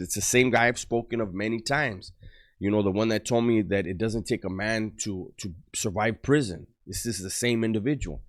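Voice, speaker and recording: Man, lowish voice, loose slangy storyteller who drops into gruff quotes. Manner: street slang, restarts, quotes others in gruff low voice. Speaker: storyteller on a channel. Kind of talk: casual storytelling.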